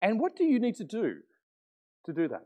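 A man in middle age delivers a sermon as the church's pastor. He talks in a chatty, animated way, slipping into quoted voices to tell the story. His voice sits a little high for a man. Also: a little fast.

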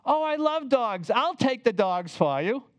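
A man voicing a kind, friendly woman who loves dogs, in a high sing-song voice while telling a story. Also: very animated, measured pace, dry recording, full character voice.

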